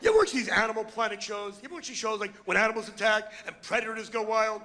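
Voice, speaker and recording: A middle-aged man doing a brash, crude, ranting stand-up comedy routine on stage, with loud outbursts. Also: high voice, quick pace. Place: comedy stage before a live audience.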